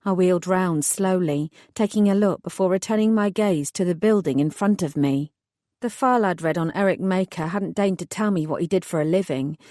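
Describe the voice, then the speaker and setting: A woman narrating a first-person fantasy audiobook in a measured, wry way. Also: fairly low pitch, warm tone, no room sound, studio quality.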